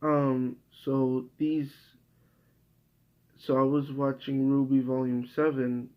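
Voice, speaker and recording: A young man talks straight to camera in a loose, rambling monologue. He swears freely and keeps restarting his sentences, at an ordinary middle pitch. The sound is muffled and lo-fi. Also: little pitch movement, slow. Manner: rambling, profane, frequent restarts. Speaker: video creator. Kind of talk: casual vlog monologue. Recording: dull lo-fi recording.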